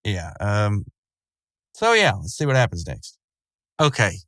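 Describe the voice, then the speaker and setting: A man's voice: lowish voice, wildly swooping pitch, measured pace, fairly bright tone, no echo. A man casually retelling a cartoon episode, rambling with lots of fillers and frequent chuckles. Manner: rambling, loose, chuckling often, many fillers. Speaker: show recapper.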